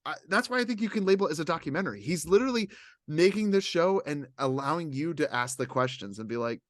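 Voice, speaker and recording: Rambling animated man chatting. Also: on the high side, fast talker, dry recording, studio quality. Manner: animated, rambling, acts out others' lines. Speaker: podcast co-host. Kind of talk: casual chat.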